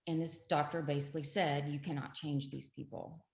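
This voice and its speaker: A middle-aged woman with a low voice tells her story as an interview guest, earnest and emphatic. The sound has a roomy echo around it. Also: little pitch movement, a little fast, gravelly, a little mellow.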